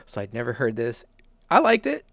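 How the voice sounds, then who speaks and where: A man's voice: mid-range voice, huge pitch swings, moderate pace, gravelly, a bit bright, no room sound. A man from the South, hosting a casual podcast and telling rambling stories with frequent chuckles. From American South. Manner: rambling storyteller, chuckles often. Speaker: podcast host.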